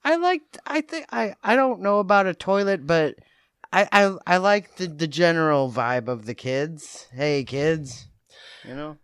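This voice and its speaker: A woman's voice: sits low, lively intonation, unhurried, clean tone, dry recording, studio quality. A woman co-hosting a podcast who interrupts with playful, teasing remarks that pull the talk off course. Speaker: podcast co-host. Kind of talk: casual podcast chat.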